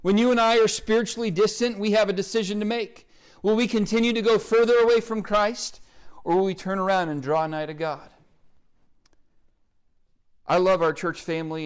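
A man with an Oklahoma accent delivers a sermon in a fairly high voice. He speaks earnestly, pleading with his listeners and reading scripture aloud. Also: fairly even intonation, moderate pace, clean tone. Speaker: pastor.

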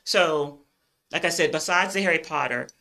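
Bright, chatty woman with a Southern accent. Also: low-pitched, moderate pace. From northern United States. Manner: chatty and upbeat, laughs often. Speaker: podcast host. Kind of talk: casual podcast interview.

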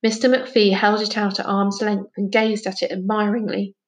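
A woman calmly narrating a children's novel aloud. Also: medium pitch, normal speed. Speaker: storybook reader.

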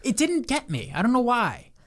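A woman co-hosting a podcast, blunt and profane, quick to cut in during casual chat. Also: a little high, huge pitch swings. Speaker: podcast co-host.

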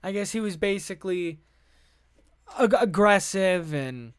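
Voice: medium pitch, animated, measured pace, smooth, no echo, studio quality. A podcast host who reads news articles aloud in a casual way, with many fillers, restarts, offhand asides and frank swearing. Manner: offhand asides between read passages.

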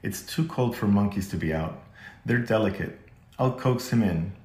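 A man's voice: on the low side, moderate pace, a little mellow, close to an everyday voice. Man voicing a little girl, kind, imaginative, coaxing, storybook, echoey room. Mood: eager.

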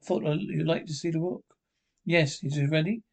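A man's voice: fairly high pitch, moderate pace, creaky, a little mellow. A man reading a TV script aloud, voicing every part plainly and adding stage notes. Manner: reads all parts plainly with stage notes. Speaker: narrator.

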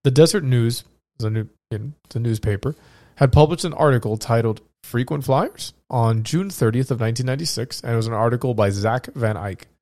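A man who is sick hosts a laid-back podcast, joking and rambling as he reads through his notes. His voice sits at an ordinary middle pitch. It is recorded dry and close, with little room sound. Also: brisk, a little mellow, no room sound. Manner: joking, rambling, self-interrupting. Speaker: podcast host. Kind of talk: casual podcast chat and reading research.

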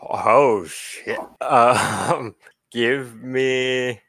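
A man's voice: medium pitch, drawn-out words, fairly bright tone, slight background noise. A man running a tabletop game over an online voice call, laid-back with laughing asides. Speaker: game master.

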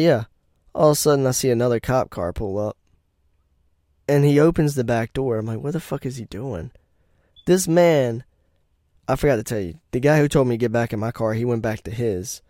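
Young man, blunt and crude, mellow tone, dry close recording. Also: medium pitch, no room sound. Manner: blunt, profane, laughs at own stories. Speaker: podcast host. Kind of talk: casual profane storytelling.

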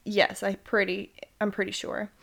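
A woman's voice: medium pitch, completely flat delivery, normal speed, a bit bright. A young woman hosting a podcast, telling a story casually, giggling and stumbling over names. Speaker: podcast host.

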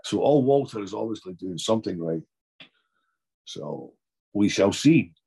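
A man's voice: lowish voice, lively intonation, unhurried, creaky, mellow, husky. A Scottish man chatting as an actor guest in an interview, rambling and often restarting his sentences. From Scotland. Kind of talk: casual interview chat.

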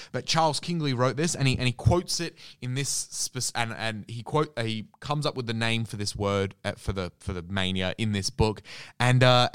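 A man's voice: fairly low pitch, smooth, no room sound, clean studio sound. A man co-hosting a podcast in casual chat, rambling enthusiastically with lots of restarts. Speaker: podcast co-host.

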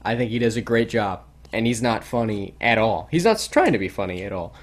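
A man co-hosting a podcast in casual chat, rambling and animated with many restarts. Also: lowish voice, fairly quick. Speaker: podcast co-host.

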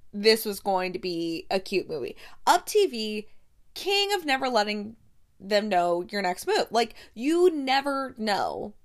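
A woman's voice: medium pitch, no room sound, studio quality. A young woman hosting a show, chatting casually about a movie plot and acting out the characters' lines with incredulous reactions. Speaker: podcast host reviewing movies. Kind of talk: casual chat recapping a movie.

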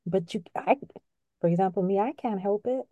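A middle-aged woman talks with open, heartfelt emotion in a relaxed podcast conversation, often breaking into laughter. Her tone is soft and mellow, recorded close and dry. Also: medium pitch, moderate pace, dry recording, dull audio. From Latino family background. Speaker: podcast co-host.

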